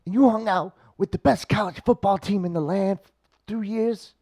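A man's voice: high-pitched, normal speed, a little mellow. A man chatting casually as a podcast co-host, playfully coaching another man like an acting teacher. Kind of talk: casual chat.

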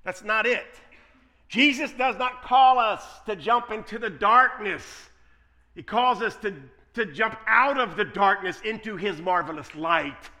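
A man preaching a sermon, moving between quiet conversational asides and loud, emphatic points. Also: sits high, unhurried. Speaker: pastor.

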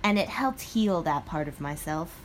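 Animated young woman podcast host. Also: deep voice, normal speed, a little hiss or hum. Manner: animated, laughing storyteller. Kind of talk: casual chat.

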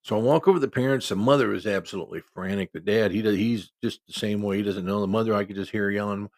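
Middle-aged guy from iowa telling an old ref story, low gravelly voice, dry close sound. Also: quick pace, no room sound. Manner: folksy, conversational, quotes people in his own voice. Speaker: football referee. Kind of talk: casual spoken storytelling.

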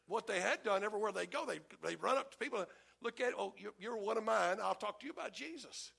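A middle-aged male pastor preaching a folksy, animated sermon and acting out the voices of the people in his stories. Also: high-pitched, quick pace, vocal fry, breathy edge.

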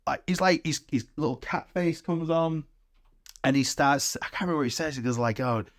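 A man co-hosting a casual, sweary film podcast, acting out scenes in quick bursts. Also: on the high side. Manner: sweary, animated, acts out scenes. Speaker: podcast co-host. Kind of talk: casual film-review chat.

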